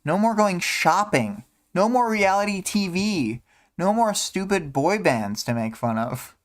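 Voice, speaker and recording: A man's voice: high-pitched, lively intonation, a little slow, voice pushed up. A man reading out a teasing teenage girl's lines in a raised voice. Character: bratty teenage girl, teasing and wistful.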